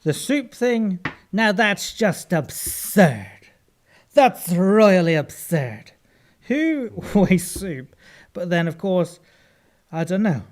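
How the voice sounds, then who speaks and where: Guy thinking out loud on a podcast, kinda high voice, lots of uhs and restarts. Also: big pitch swings, slow pace. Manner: rambling, hesitant, overthinks out loud. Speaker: podcast co-host, guessing player. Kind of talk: casual banter.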